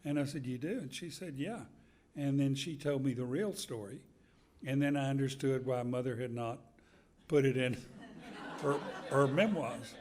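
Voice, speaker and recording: An older man, an author, talking slowly and telling stories with pauses at a live book event. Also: medium pitch. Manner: unhurried, storytelling with pauses and soft chuckles. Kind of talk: conversational book talk. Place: event hall with an audience.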